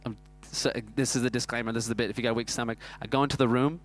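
A man, preaching a sermon that is built around a self-mocking personal story told in an animated way. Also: medium pitch, racing, faint music behind. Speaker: pastor.

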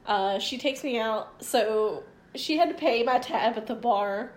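A woman spins a story for a podcast in an animated, foul-mouthed way, voicing the people in it as she goes. Her voice sits a little high for a woman. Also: measured pace. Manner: animated, profane storyteller who acts out quotes. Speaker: podcast co-host telling a story. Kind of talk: casual podcast chat.

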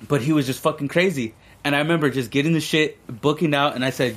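A young podcast co-host with a fairly high, slightly bright voice talks fast with few pauses. He tells a rambling story in a laid-back, profane, casual way.

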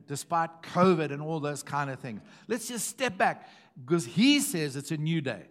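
Emphatic pastor, higher voice. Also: male voice, big pitch swings, normal speed. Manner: emphatic, repeating phrases, swings from hushed to loud. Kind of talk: sermon.

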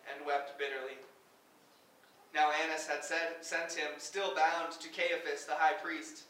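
High bright male pastor in an echoey church. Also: recorded from a distance. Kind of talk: Scripture reading at a worship service. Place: church sanctuary.

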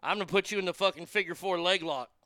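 Swearing guy ranting, high bright voice, smooth but gravelly, dead dry sound. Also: fast, dry recording. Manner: profane, heated, swearing often. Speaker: host. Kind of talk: angry commentary rant.

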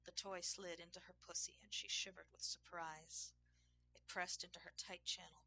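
Woman narrator, erotic story, slow hushed reading, gravelly, bright edge. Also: on the low side, little pitch movement.

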